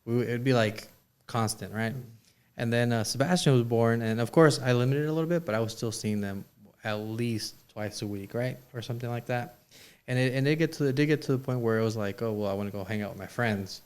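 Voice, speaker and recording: A man talking casually as a podcast guest, relaxed and easygoing as he tells his side of things. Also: mid-range voice, brisk, clear, resonant tone. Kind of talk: casual conversation.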